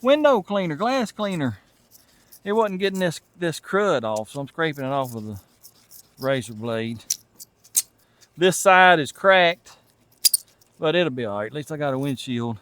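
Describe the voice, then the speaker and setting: Folksy Southern man, slightly high voice. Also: animated, measured pace, long pauses, a bit bright. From Tennessee. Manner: folksy, thinks aloud while working. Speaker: channel host and mechanic. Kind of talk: casual narration while working on a truck.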